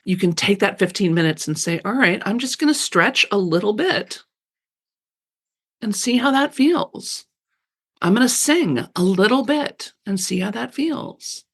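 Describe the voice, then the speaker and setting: A woman's voice: mid-range voice, expressive, unhurried, breathy edge. A middle-aged woman guest on a radio interview, chatting casually and animatedly, often laughing and acting out little quoted voices. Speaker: author guest.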